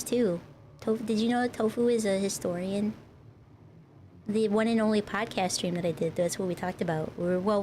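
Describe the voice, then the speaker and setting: A woman's voice: medium pitch, darkish tone, slight background noise. A woman streamer in casual live-stream chat, rambling and talking to her viewers. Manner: rambling, chatty, talks to chat.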